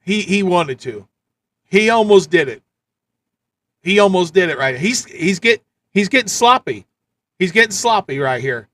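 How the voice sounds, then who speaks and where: A man running a live stream with a high, bright voice. He rants blunt political commentary, repeating his points. The delivery is casual and hard-hitting. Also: animated, a little slow, long pauses, slight background noise. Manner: ranting, repetitive, blunt. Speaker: livestream host.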